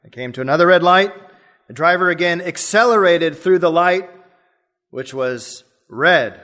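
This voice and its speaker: A male pastor delivering a sermon with a fairly high speaking voice. He tells a story, then explains it plainly and reads scripture aloud. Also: normal speed, pushed and bright.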